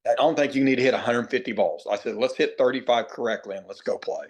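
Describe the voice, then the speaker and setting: A middle-aged man, a baseball hitting coach, talking in a podcast interview. He tells folksy stories, acts out quoted players and slows down to stress key points. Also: medium pitch, slightly rough. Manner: plainspoken, repeats himself, drawn-out emphasis.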